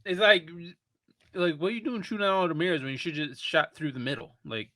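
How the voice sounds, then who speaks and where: A man's voice: fairly high pitch, animated, a little fast, sharp tone, dry recording. A man co-hosting a podcast, chatting animatedly about a film, swearing and laughing often. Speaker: podcast co-host. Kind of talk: casual movie review chat.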